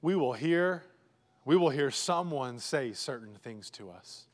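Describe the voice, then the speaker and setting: A man preaching a sermon as pastor, emphatic and repetitive, swinging between loud urging and hushed, low lines. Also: animated, unhurried, long reverb tail. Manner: emphatic, repetitive preaching with sudden drops to a hush.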